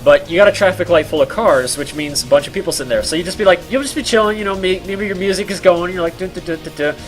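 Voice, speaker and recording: A man's voice: sits high, fast talker, soft background music. A man streaming a game while telling a rambling story, full of fillers and laughs.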